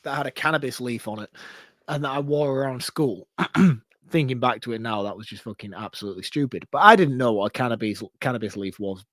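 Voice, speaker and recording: Animated British man, dry close sound. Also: mid-range voice, a little fast, no room sound. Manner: animated, frequent swearing and laughter. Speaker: podcast co-host. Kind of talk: casual film chat.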